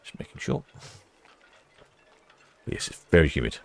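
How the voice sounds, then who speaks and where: A British man speaks at a measured pace, with no echo, while hosting a live ship-watching stream from a warm room indoors by the quay. He chats casually and reads out viewer comments.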